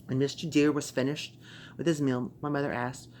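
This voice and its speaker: A young man reading a creepy internet horror story aloud, casual, with sweary excited asides and stumbling restarts. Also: medium pitch, normal speed, a little hiss or hum. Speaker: story narrator.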